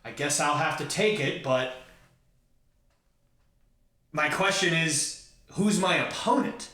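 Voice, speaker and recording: A man voicing a furious male wrestler who demands a title shot, speaking loud and pushy. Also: a little high, takes it slowly. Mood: demanding. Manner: demanding, rising to a shout. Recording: roomy echo, far from mic.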